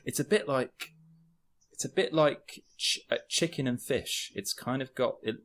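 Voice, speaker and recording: A young man from Birmingham with a Birmingham accent, chatting casually as a podcast guest, lively and hesitant with many restarts. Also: mid-range voice, a little slow. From Birmingham, England. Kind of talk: casual chat.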